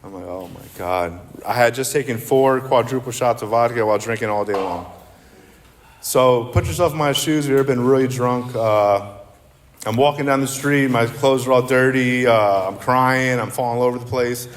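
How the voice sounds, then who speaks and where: At a recovery meeting, a man from central New Jersey gives a candid, rambling, self-deprecating personal talk about recovery. His medium-pitched voice moves at normal speed, with slight background noise and long reverb from the meeting hall.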